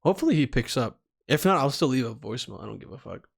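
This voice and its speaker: A man's voice: medium pitch, sing-song, quick pace, gravelly, husky. A man hosting a comedy podcast, talking casually in a rambling, profane way and often stumbling over his words. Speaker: podcast host.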